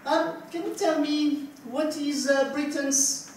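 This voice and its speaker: A woman with a French accent delivers deadpan stand-up at an open mic, unhurried and fairly high-pitched. She is heard from a distance in a strongly echoing bar. Faint noise sits under her voice. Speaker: stand-up comedian. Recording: echoey bar from far off.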